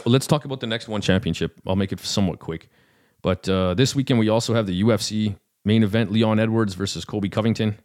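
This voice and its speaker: A man's voice: fairly low pitch, a little mellow. A man hosting a fight podcast, chatting casually in a rambling, self-deprecating way with lots of fillers. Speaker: podcast host. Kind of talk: casual chat about fights.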